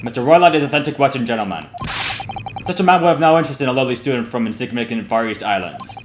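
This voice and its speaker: Stern male ship's guard, put-on Russian accent, clipped broken English, read by a man; lively pitch, noisy echoey take. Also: racing, lightly acted. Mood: haughty. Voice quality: blunt broken English, curt. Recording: roomy echo with steady noise.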